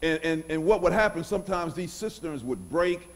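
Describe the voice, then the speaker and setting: A middle-aged man preaching a sermon in a church, moving from soft passages to loud outbursts. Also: fairly high pitch, animated, normal speed. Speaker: pastor.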